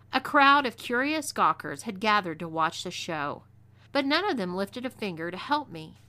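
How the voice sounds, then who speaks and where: Bright-voiced Texan woman narrating a western. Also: medium pitch. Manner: expressive first-person storytelling. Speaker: narrator, audio story reader. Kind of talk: scripted erotic western story narration.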